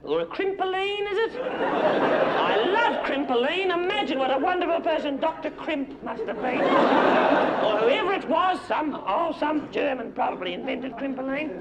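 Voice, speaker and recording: A man's voice: extremely high pitch, sing-song, a little slow, over a noisy crowd, very noisy, exaggerated voice. A man playing a gushing, condescending middle-aged Australian housewife superstar, trading backhanded compliments with the audience in a live stage comedy act. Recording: live theatre recording, loud audience.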